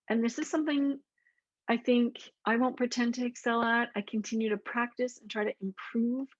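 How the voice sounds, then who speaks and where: A woman explaining emotion coaching to teachers in an earnest, deliberate way, slowing down to repeat key lists. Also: a little high, no room sound. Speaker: clinician presenting to teachers. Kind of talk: explanatory talk to camera. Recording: dull lo-fi dry voice recording.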